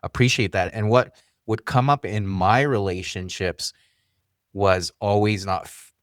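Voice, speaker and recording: Deep-voiced man hosting an interview. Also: fairly even intonation, a little slow, dry recording, clean studio sound. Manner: soft-spoken, affirming, shares personal experience. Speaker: podcast host. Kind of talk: conversational interview.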